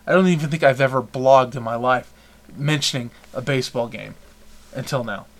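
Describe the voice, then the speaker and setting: A man's voice: mid-range voice, moderate pace. A man hosting a podcast, chatting casually and rambling through opinions with frequent restarts. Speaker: podcast host. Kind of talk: casual chat.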